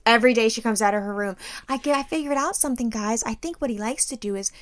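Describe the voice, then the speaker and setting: A woman in her thirties co-hosting a casual podcast, ranting loudly and profanely with comic exaggeration. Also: a little high, quick pace. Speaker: podcast co-host.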